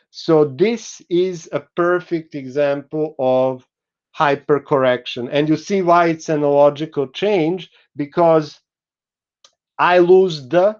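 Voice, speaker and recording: Male lecturer, a fairly high, smooth voice, dull lo-fi recording. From Serbia. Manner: patient, explanatory, halting with frequent fillers. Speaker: university lecturer.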